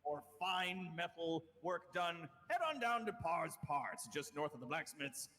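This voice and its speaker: A man's voice: a little high, measured pace, sharp tone. A man playing a tabletop game, hamming up an arena announcer's call with a showy, playful delivery. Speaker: player voicing an arena announcer. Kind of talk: tabletop role-play, announcer banter. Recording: long hall reverb, faint noise.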